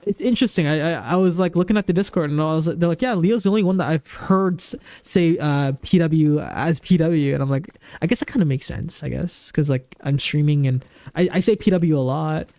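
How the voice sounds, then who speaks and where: Male streamer, pitched high with a warm tone, chatty and rambling as he answers his viewers. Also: a little fast, no echo. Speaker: game streamer. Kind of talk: casual live-stream chat. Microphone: desk microphone.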